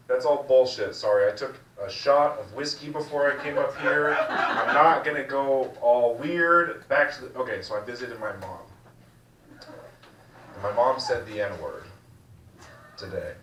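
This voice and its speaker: A man's voice: medium pitch, expressive, moderate pace, fairly bright tone, reverberant, far from the mic, slight background noise, low-quality recording. A young man doing a rambling, crude, self-mocking stand-up set. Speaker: stand-up comedian. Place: small comedy room.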